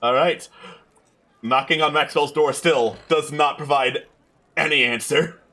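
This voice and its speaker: Unhurried male game master. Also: fairly high pitch, steady tone, pushed and bright. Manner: terse, deliberate scene narration. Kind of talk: narrating a tabletop game.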